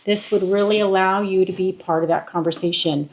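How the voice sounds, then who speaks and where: A woman's voice: medium pitch, steady tone, fairly quick. A woman hosting a home cooking vlog, chatting playfully and laughing often in her kitchen. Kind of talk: casual chat.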